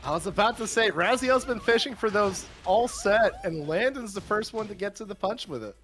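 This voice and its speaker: High-voiced, animated fighting game commentator. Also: male voice. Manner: analytical, quick exclamations. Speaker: esports commentator.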